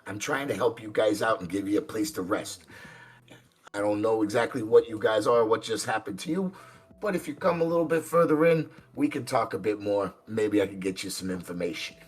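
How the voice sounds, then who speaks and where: A man's voice: lowish voice, fairly quick, slightly rough. A man voicing a pale, fanged, long-eared male vampire who talks in a placating, coaxing way.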